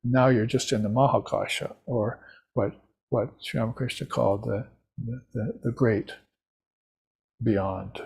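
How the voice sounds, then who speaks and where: A man giving an unhurried, reflective talk on scripture, now and then chanting short mantras. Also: mid-range voice, fairly even intonation, vocal fry, darkish tone, breathy edge. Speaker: spiritual teacher. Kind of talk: recorded lecture on scripture.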